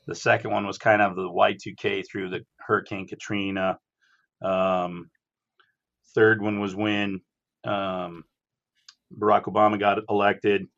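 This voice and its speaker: A man's voice: on the low side, unhurried, creaky, pauses often, muffled recording. A man, a guest on a podcast, telling hunting stories and talking industry in casual chat with chuckles. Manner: relaxed storyteller, chuckles.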